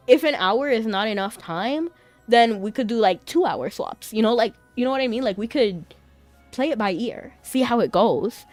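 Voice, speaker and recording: A woman's voice: on the high side, darkish tone, no room sound. Young female game streamer, chatty and giggly, faint game music behind. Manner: chatty, giggles often between remarks. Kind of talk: casual gameplay chat.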